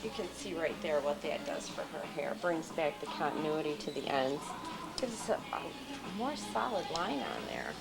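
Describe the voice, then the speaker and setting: With a deep voice, big pitch swings and vocal fry, a hairstylist speaks at normal speed while casually telling the camera stories about her clients. Loud music plays behind this low-quality recording.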